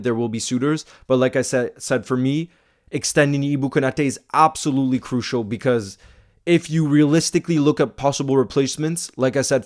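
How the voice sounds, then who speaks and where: An excitable man hosting a football fan livestream, chatting casually, saying bro a lot and reading viewer comments aloud. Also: medium pitch. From Iceland. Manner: excitable, fast-talking, says bro a lot.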